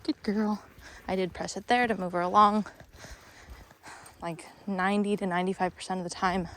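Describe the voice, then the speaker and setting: A woman's voice: steady tone, moderate pace, fairly bright tone, slight background noise. Out-of-breath woman dog trainer explaining. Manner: explains while walking, breaks off to praise the dog in a high voice. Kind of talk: instructional training walk-through. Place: outdoors on a walk with a dog.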